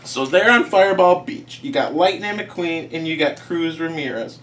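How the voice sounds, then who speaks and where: A man rattling through a comedic movie recap, rambling and playful. His voice sits high for a man and sounds a little distant from the mic. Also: moderate pace, a bit bright, a little hiss or hum.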